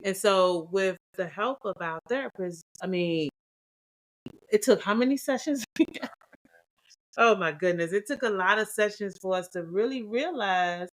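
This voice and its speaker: Woman cohost chatting casually w her husband, voice jumps way up when she acts out what people said. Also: a little slow. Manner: animated, acts out quoted dialogue with big pitch jumps. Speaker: podcast co-host. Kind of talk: casual couple's chat.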